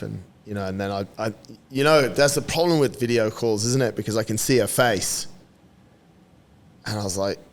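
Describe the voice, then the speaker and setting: A man's voice: fairly low pitch, gravelly, slight background noise. A man in a podcast interview, telling a story in a casual way. He laughs often, swears and acts out what others said. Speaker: podcast guest.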